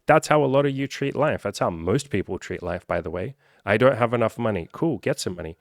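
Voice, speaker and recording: A man with a fairly low voice talks straight to the camera as a coach. His delivery is animated and profane, and he slips into quick put-on voices of the people he describes. The sound is dry and close, with no room echo. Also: vocal fry. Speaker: self-improvement coach. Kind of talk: casual direct-to-camera vlog.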